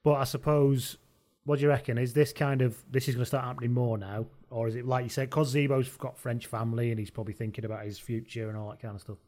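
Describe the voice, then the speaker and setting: A man's voice: medium pitch, flat delivery, fast, a little mellow. A man hosting a podcast, leading casual sports chat in a wry, teasing way and laughing often. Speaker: podcast host.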